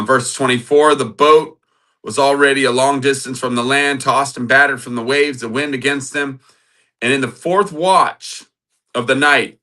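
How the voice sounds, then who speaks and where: A preacher with a mid-range, sharp-toned voice teaches from the Bible in sermon style. He reads scripture aloud and builds to emphatic, repeated phrases.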